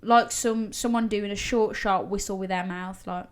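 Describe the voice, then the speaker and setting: A woman's voice: mid-range voice, steady tone, normal speed, noisy background. A woman co-hosting a podcast, casually reading out listeners' ghost stories with laughs and the odd swear word. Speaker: podcast co-host. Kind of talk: casual storytelling chat.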